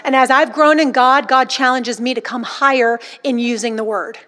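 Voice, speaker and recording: A woman's voice: sits high, steady tone, moderate pace, a bit bright. A woman preaching a sermon emphatically, acting out the voices she describes. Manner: emphatic, dramatic quoting of inner voices.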